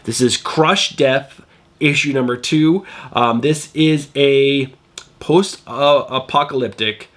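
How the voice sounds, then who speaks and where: A man's voice: medium pitch, takes it slowly, a bit bright. A middle-aged man hosting a comic book channel, sounding nasal from a cold, chatting in a rambling way with lots of fillers. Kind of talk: casual video review.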